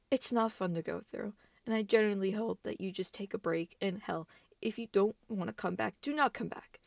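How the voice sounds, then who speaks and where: A young woman talking casually on her gaming vlog, rambling with fillers and swearing as she turns loud and incredulous. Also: mid-range voice, gravelly, no room sound, distant mic, muffled recording. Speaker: gaming YouTuber.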